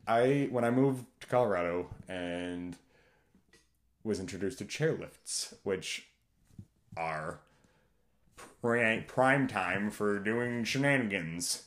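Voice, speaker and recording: A man guesting on a podcast, telling stories in a lively, laughing casual chat. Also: lowish voice, slow, long pauses, reverberant. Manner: animated, laughing, shouts out catchphrases.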